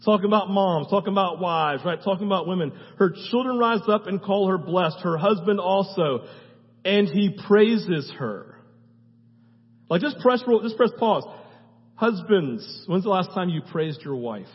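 Husky man preaching in a reverberant hall. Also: high voice, animated, a little slow, muffled recording. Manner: conversational preaching with frequent "right?" asides. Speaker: pastor. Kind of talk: sermon. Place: church sanctuary.

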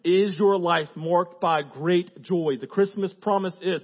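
A male pastor preaching a sermon in an animated way, acting out prayers and little voices. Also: high voice, a little slow, few pauses. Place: church sanctuary. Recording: dull audio with long church reverb.

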